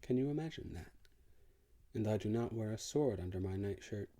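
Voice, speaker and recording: A man's voice: on the low side, lively intonation, moderate pace, dark tone. A man reading an audiobook, voicing a brusque, disillusioned crusader prince in a blunt, sardonic way. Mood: brusque, weary.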